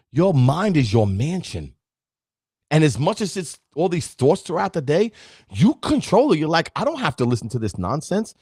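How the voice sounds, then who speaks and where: Lively husky New man in his fifties. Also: a little high, no echo, studio quality. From Brooklyn, New York. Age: 50s. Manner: emphatic, preachy, addresses listeners directly. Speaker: podcast host. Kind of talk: motivational podcast talk.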